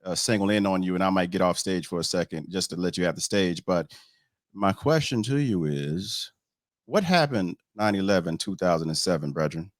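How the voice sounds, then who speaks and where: A man hosting a casual interview, playful and hyped, often jumping up loud and high. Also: animated, normal speed, no room sound, clean studio sound. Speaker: podcast host.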